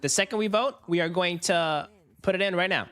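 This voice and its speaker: A young man runs a finance livestream in a high, quick, smooth voice. He's animated and chatty, talking straight to his chat and laughing a lot.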